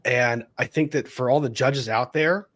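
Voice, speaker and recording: A man's voice: mid-range voice, moderate pace, a bit bright. A man, an attorney co-hosting a casual chat, earnestly recalling moments with judges and repeating phrases for emphasis. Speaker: attorney, podcast co-host.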